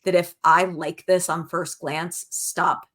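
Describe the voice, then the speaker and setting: A woman author answering interview questions in a relaxed, wry way. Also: fairly low pitch, slow. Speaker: author guest.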